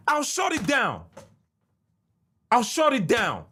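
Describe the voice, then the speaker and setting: A man's voice: extremely high pitch, huge pitch swings, slow, long pauses, sharp tone, husky. A young Nigerian man with a Nigerian English accent and pidgin, hosting a podcast and ranting heatedly, repeating himself and cursing. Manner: heated, repetitive, cursing, indignant. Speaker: podcast host reacting to an interview. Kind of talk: ranting commentary.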